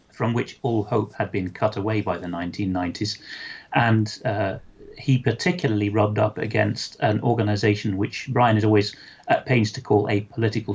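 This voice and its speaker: A man giving an interview, speaking articulately in measured sentences with many fillers. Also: lowish voice, gravelly, husky, dull audio. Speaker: interview guest. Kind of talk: conversational interview.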